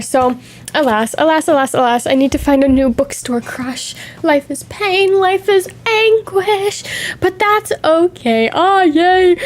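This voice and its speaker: A young woman streamer chatting casually, bubbly and excitable, with theatrical gasps and dramatic sighs. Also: high-pitched.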